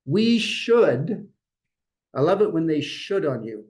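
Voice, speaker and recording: A middle-aged man leading a real estate team meeting, talking in a lively, joking way and acting out what clients say. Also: fairly high pitch, fairly quick, low-quality recording. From Dutch family. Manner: lively, jokey, acts out clients' voices. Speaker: brokerage leader running a team meeting. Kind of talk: motivational meeting talk.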